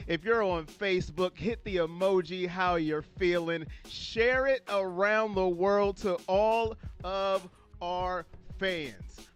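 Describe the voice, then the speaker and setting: A man's voice: high-pitched, fairly bright tone. A man hosting a livestream sports fan show, chatting and reading viewer comments aloud, telling the story dramatically.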